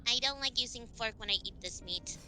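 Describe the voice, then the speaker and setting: High, very bright-voiced playful woman. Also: fairly quick. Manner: playful, silly banter. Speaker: co-streamer. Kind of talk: casual game stream chat.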